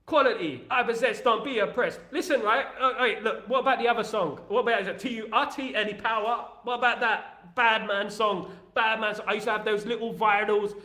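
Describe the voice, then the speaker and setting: A man hosting a rambling, jokey, excitable casual chat. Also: high voice, brisk, hardly any pauses, reverberant. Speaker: host.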